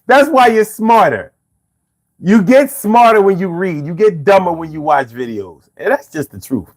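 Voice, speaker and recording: A man's voice: sits high, lively intonation, moderate pace. A man hosting a casual livestream and chatting with viewers, with slangy, profane, rambling speech full of repeats. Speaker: livestream host reading chat. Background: his own bongos and faint music.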